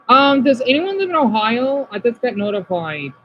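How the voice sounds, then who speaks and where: A man from Arizona streaming casually, reading chat comments aloud and reacting, moving between subdued talk and excited outbursts. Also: extremely high pitch, normal speed, few pauses, muffled recording, a little hiss or hum.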